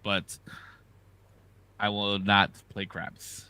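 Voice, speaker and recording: A man co-hosting a podcast, telling animated, profane stories in casual chat. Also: on the low side, drawn-out words, smooth. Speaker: podcast co-host.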